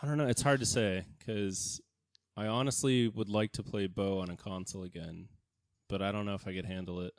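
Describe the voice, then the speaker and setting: A man's voice: fairly quick, no room sound, studio quality. A young man co-hosting a podcast, chatting casually about video games and laughing often. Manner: chatty, laughs often, jumps up in pitch when excited. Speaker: podcast co-host.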